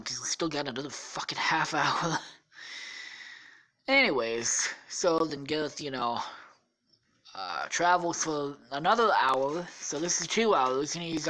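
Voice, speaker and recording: A woman's voice: sits low, slight background noise, rough recording. A tired woman hosting a podcast, improvising a rambling, profane story and correcting herself often. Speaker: podcast host.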